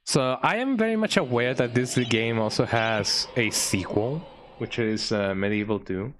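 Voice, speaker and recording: A man's voice: mid-range voice, measured pace, a little hiss or hum. A man streaming a video game, chatting casually and rambling, often ending phrases with a questioning "eh?". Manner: relaxed, rambling, tags phrases with "eh?". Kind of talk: casual gameplay commentary. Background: game music.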